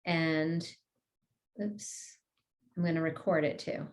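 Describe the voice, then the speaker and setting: A woman teaching an energy healing class over a video call, earnestly talking through self-sabotage and slowly leading affirmations for listeners to repeat. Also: sits low, steady tone, reverberant.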